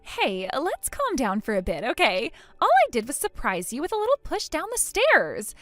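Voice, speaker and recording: A woman's voice: high-pitched, huge pitch swings, normal speed, a bit bright, no room sound, heavily acted. A woman voicing a spiteful, taunting young woman, the groom's sister, in an acted text-message story. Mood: mocking. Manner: taunting, snickering, dismissive.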